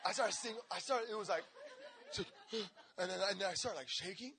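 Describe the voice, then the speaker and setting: Sharing his personal testimony from the pulpit, this young pastor talks in lively slang, performs different voices, and swings from laughs to shouts. He speaks high and unhurried, pausing often.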